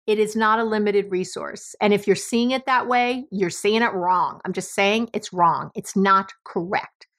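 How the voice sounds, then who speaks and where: A woman's voice: medium pitch, measured pace, hardly any pauses. Middle-aged woman, New York accent, blunt and emphatic, podcast host, swears freely. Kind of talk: motivational podcast monologue.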